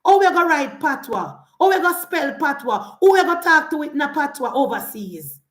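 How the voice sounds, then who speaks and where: Fiery Jamaican woman with a high voice. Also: big pitch swings, a little fast, reverberant. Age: 40s. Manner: fiery, repetitive, rhetorical questions. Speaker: political commentator. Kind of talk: opinionated political monologue.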